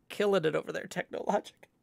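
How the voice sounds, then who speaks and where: A man livestreaming in casual chat, reading viewer messages aloud and rambling with many pauses and restarts. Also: high voice, gravelly. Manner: hesitant and rambling, many ums and restarts, tries out playful howls.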